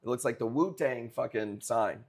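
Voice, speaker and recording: A man's voice: medium pitch, moderate pace, a little mellow. A young man from the Chicago area chatting loosely with viewers during a live coral auction stream, swearing casually as he talks. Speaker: livestream coral seller. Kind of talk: casual livestream chat.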